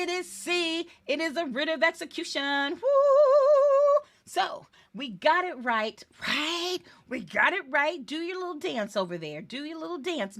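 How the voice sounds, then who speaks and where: Playful, high-voiced woman tutor. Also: fairly bright tone, no echo. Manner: playful, chatty, sings snippets and cheers. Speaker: real estate exam tutor. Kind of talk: live webinar teaching.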